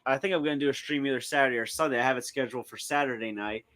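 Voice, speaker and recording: A man chatting casually as a guest, animated and often stammering over his restarts. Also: medium pitch, very fast. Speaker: guest, streamer and school counselor. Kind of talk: casual chat.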